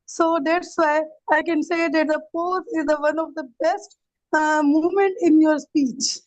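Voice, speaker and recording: A woman in a workshop speaks hesitantly, filling pauses with "uh". Her voice sits very high, and the dry, dull audio sounds like a video call. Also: steady tone, no room sound. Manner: hesitant, with many fillers. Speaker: workshop participant. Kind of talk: speaking in an online session.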